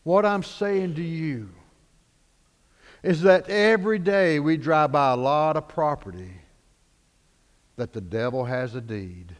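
Brief: animated male pastor preaching, slightly high voice, echoey hall. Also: a little slow. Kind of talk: sermon.

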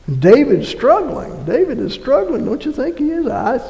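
A man preaching a sermon as pastor, reading scripture aloud in an animated way. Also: extremely high pitch, a little slow, creaky, long reverb tail, poor audio. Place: church.

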